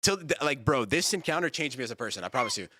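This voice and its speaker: A young man telling a story in casual chat, animated and profane, with lots of fillers. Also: mid-range voice, quick pace, no room sound. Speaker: podcast guest telling a story.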